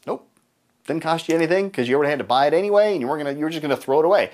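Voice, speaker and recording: A man giving a live seminar talk, telling stories and acting out both sides of conversations in a raised, lively voice. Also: racing. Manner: animated storyteller acting out dialogue in higher voices. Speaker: seminar speaker and trainer.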